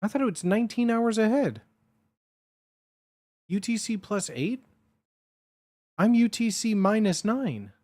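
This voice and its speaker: A young man casually chats on his livestream, meandering a bit slowly with long pauses, though he repeatedly gets excited and swears openly. His voice sits fairly high, captured dry and close to the mic.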